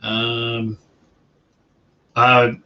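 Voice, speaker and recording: An Australian man hosting a casual livestream, chatting in a slow and rambling way with many fillers and restarts. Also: mid-range voice, completely flat delivery, dull audio. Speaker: livestream host. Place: home during lockdown.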